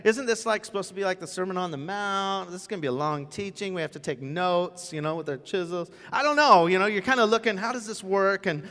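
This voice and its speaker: A man preaching a casual, joking sermon as pastor, telling the story with lively asides. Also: high-pitched, a little fast, few pauses. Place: church sanctuary. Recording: church hall with long reverb.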